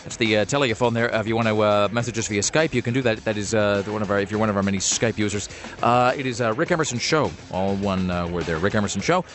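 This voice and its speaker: A man's voice: fairly low pitch, fast, few pauses, fairly bright tone, soft background music. A man hosting a radio talk show, chatting casually in a wry, rambling way with many fillers.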